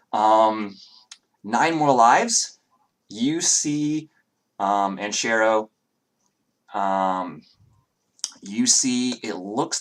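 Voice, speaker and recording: A man narrating a tabletop game as game master, pausing often with fillers as he describes the scene. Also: on the low side, fairly bright tone. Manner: halting, with many fillers.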